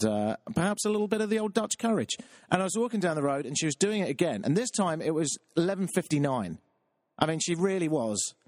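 A man's voice: a little high, darkish tone, dry recording, clean studio sound. A man, a talk radio DJ telling a self-deprecating, rambling story on air. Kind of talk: confessional radio monologue.

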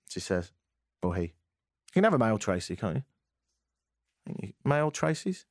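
A man hosting a radio talk show, reading listener texts with wry, animated commentary. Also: on the low side, fairly quick, pauses often, no room sound, clean studio sound. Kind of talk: casual radio call-in chat.

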